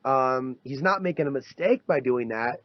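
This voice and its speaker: A man's voice: mid-range voice, animated, moderate pace, no echo. A man co-hosting a podcast in casual chat, talking animatedly and slipping into mocking quoted voices. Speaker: podcast co-host. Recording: dull, dry lo-fi podcast audio.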